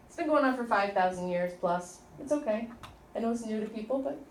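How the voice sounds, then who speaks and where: A middle-aged woman teaching an informal workshop, chatty and animated as she tells stories to the group. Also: on the high side, brisk, a little hiss or hum. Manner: chatty, storytelling, animated asides. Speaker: tapping instructor. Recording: echoey room from a distant mic.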